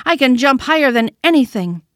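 Lady putting on a tiny velveteen toy bunny, high and pleading, eager to be real, storybook voice. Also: lively intonation, brisk, dry recording, clean studio sound. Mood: insistent. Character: small shy velveteen toy rabbit, male, longing to be real. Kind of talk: storybook reading.

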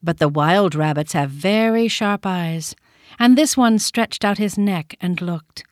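A woman narrating a children's storybook in a gentle, measured reading. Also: lowish voice, dry recording, clean studio sound.

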